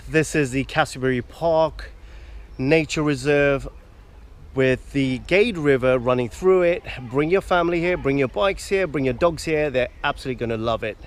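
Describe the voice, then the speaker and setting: A man vlogging outdoors by a river, earnestly urging viewers not to litter. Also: fairly high pitch. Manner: earnest ranting appeals to viewers. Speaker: hiking vlogger. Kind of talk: outdoor vlog talk to camera.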